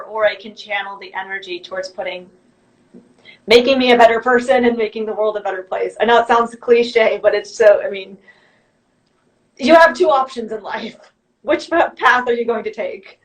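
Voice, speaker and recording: A woman guest on a podcast, speaking reflectively and haltingly, often restarting her sentences. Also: fairly high pitch, low-quality recording. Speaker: guest, YouTuber. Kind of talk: conversational interview.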